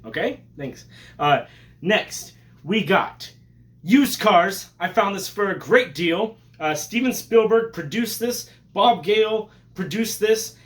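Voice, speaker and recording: A man hosting a casual vlog, excitable and joking, with profanity and sudden loud bursts. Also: a little high. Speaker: collector vlogger.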